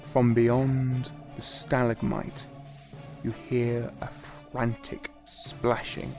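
Deadpan gravelly game master man. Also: medium pitch, extremely slow, over music. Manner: dry, deadpan, curt answers. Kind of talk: narrating a tabletop game.

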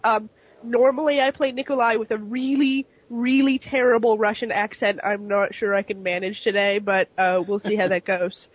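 A woman's voice: mid-range voice, fairly even intonation, moderate pace, dry recording, muffled recording. Giggly woman at a tabletop game. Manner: giggly, apologetic, chatty. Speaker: player. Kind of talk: casual tabletop game talk.

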